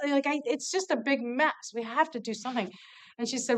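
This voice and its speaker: A woman leading a nonprofit tells a candid, lively story to students in a casual talk, acting out the dialogue. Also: sits high, brisk. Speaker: nonprofit CEO speaking to students.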